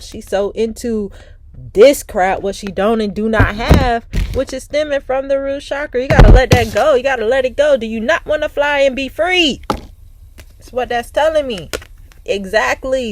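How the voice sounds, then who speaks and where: Woman card reader, animated and profane, casual spiritual chat. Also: fairly high pitch, normal speed, background noise.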